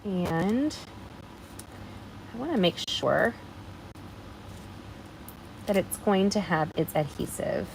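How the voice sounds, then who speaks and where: A woman's voice: mid-range voice, expressive, takes it slowly, gravelly, long pauses, a little hiss or hum, low-quality recording. A woman hosting a live card-making stream, chatting in a bubbly way straight to her viewers as she demonstrates. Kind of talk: casual live craft demonstration.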